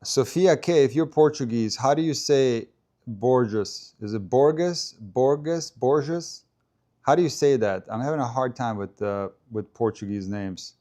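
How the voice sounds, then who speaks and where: A man's voice: medium pitch, normal speed, dark tone. A man hosting a live stream, chatting casually about a tennis match and answering viewers' comments as he goes. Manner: chatty, stops to answer viewer comments and try out name pronunciations.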